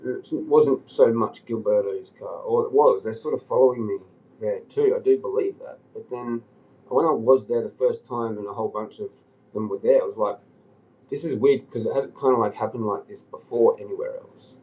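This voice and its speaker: A man's voice: mid-range voice, moderate pace, warm tone, low-quality recording. A man on a livestream telling a long rambling story, agitated and swearing often. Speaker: live streamer.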